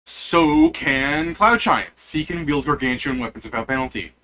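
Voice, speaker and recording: A man running a tabletop game as game master, animated and often repeating himself. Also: on the high side, moderate pace, slight background noise.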